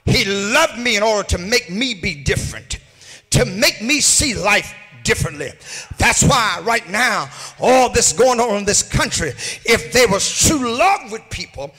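A pastor preaching a sermon, rising into sung and shouted peaks, recorded in a church sanctuary. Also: male voice, sits high, breathy edge. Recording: hall reverb from a church livestream.

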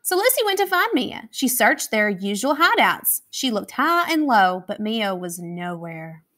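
A woman with an American accent reading a children's picture book aloud, expressive and animated, taking on voices for the characters. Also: mid-range voice, a little slow. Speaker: school academic coach reading aloud. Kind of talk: children's storybook read-aloud.

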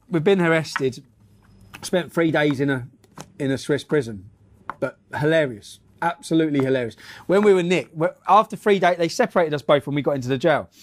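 A man giving casual news commentary and anecdotes in a brash, profane manner with laughing asides. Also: on the high side.

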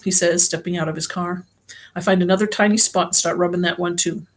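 A woman's voice: on the low side, flat delivery, fast. A woman reading an audiobook in the first person, telling the story in a plain, slangy girl's voice. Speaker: audiobook reader.

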